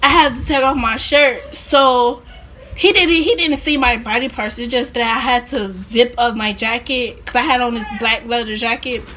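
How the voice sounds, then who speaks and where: A woman's voice: fairly high pitch, fairly even intonation, moderate pace, pushed and bright, a little hiss or hum. A young woman vlogger chatting casually through a rambling personal story, full of fillers and laughing asides.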